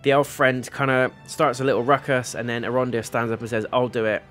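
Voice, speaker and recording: A man's voice: mid-range voice, steady tone, a little fast, fairly bright tone, soft background music. A man hosting a casual TV episode review, retelling the plot in a rambling way, with paraphrased quotes, fillers and some blunt swearing. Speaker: TV reviewer, channel host.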